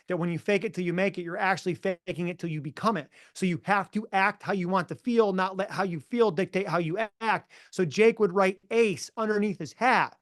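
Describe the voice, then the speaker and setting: A middle-aged man with a slightly raised pitch speaks in an energetic, emphatic way as a motivational coach. He tells stories in a punchy, relaxed interview style. The podcast mic gives a close, dry sound. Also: dry recording. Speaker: mental performance coach, podcast guest. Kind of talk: casual interview storytelling.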